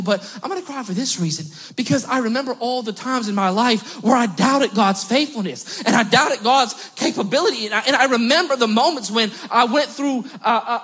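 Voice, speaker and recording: A man in his thirties preaches a church sermon with a high, husky voice. He speaks with raw passion and swells toward near-shouting when he presses a point. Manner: impassioned, building to near-shouting. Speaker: pastor. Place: church service.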